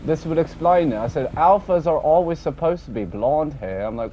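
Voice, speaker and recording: A man rambling casually about an online game session, swearing often and tacking on a low, dropped "mate". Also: lively intonation, moderate pace, warm tone. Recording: dull lo-fi audio with faint background noise.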